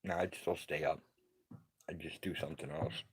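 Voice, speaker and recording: A man's voice: extremely low pitch, normal speed, husky, rough recording. A man chatting casually and joking dryly, sounding tired. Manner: dry, joking, deadpan. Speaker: co-host, partner. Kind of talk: casual chat.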